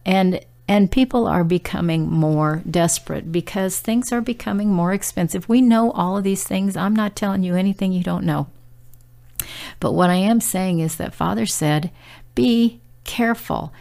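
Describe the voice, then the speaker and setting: A woman's voice: fairly low pitch, creaky, a little mellow. A middle-aged woman giving a casual spoken devotional message, earnest and conversational, with fillers and restarts. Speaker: devotional speaker.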